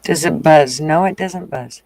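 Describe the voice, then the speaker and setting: A woman's voice: deep voice, a little slow, vocal fry, a little mellow. A woman from the American South hosting a casual livestream chat, blunt, profane and teasing with her viewers. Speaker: livestream host.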